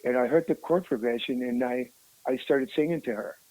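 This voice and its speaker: A rock musician telling a story in a casual interview, animated and emotional, often calling the listener "man". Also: medium pitch, brisk, poor audio.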